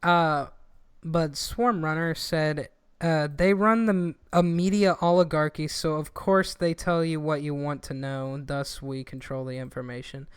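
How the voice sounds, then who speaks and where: A young man co-hosting a podcast, talking in a loose, rambling way and swearing a lot. His voice is smooth and clear, and it sits at a middle pitch. The sound is dry and close, with no room around it. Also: measured pace, no echo. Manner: rambling, profane, animated when quoting people. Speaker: podcast co-host. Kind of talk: casual chat.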